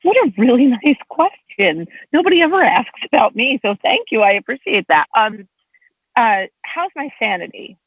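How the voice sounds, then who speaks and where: This guest, a woman who serves as a state legislator, chats and tells stories animatedly, her pitch rising and falling sharply. Her voice is slightly rough at a moderate pace, and the dry recording has a tinny, phone-like quality.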